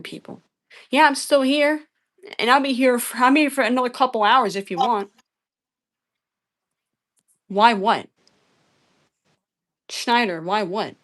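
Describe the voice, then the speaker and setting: A woman on a live stream fields questions from chat, her voice sitting a little high. She sounds exasperated, swears freely and keeps repeating the same answers. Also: a bit bright. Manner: exasperated, profane, repeats herself.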